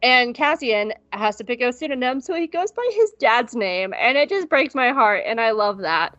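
A woman's voice: fairly high pitch, expressive, normal speed, fairly bright tone, no room sound. A woman co-hosting a podcast, rambling and joking through a casual recap with frequent swearing. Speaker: podcast co-host. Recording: dull lo-fi audio with faint music.

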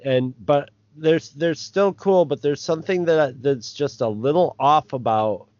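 Halting man on a dry mic. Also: fairly high pitch, darkish tone, no echo, highs cut off. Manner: halting, searching for words, many restarts. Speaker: podcast co-host. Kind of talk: casual discussion.

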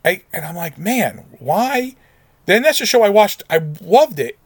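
A man's voice: sits high, very animated, fairly quick, no echo. A middle-aged man hosting a solo podcast in a casual, rambling way, often restarting his sentences and growing emotional at times. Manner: rambling, self-interrupting, conversational. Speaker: podcast host.

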